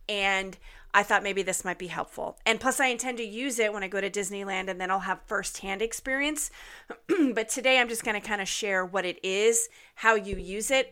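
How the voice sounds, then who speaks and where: Brief: upbeat woman podcast host, slightly nasal and getting over an illness, bright and clear. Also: medium pitch. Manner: chatty and upbeat, frequent ums. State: recovering from illness, occasional cough. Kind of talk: casual podcast monologue.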